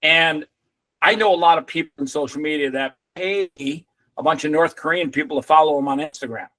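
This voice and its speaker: A middle-aged man telling an animated story as a podcast guest, swearing freely and acting out other people's lines. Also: on the high side, a little fast, no room sound, rough recording.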